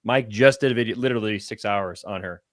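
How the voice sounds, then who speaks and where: A man's voice: on the low side, fast talker, no echo, studio quality. A man who is a guest on a casual livestream chat, speaking expressively and chuckling uneasily.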